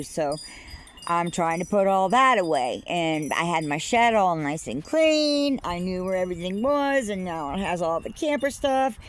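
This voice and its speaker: A woman with a fairly low voice rambles through a personal vlog, pausing often with fillers and restarting her sentences. She talks outdoors on her rural property while wind chimes ring behind her. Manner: rambling, halting, with many fillers. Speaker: vlogger.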